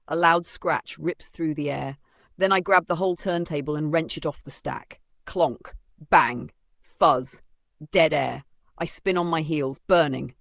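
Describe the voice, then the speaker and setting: A man's voice: on the high side, creaky, a bit bright, dry recording. A man narrating a first-person novel in a dry, sardonic storytelling manner. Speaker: audiobook narrator.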